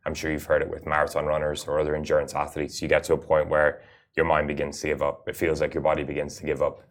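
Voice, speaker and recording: A man's voice: rumbling low, completely flat delivery, fast. A man, a rally racer and guest, giving earnest, explanatory interview answers with frequent "uh" fillers. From Ireland.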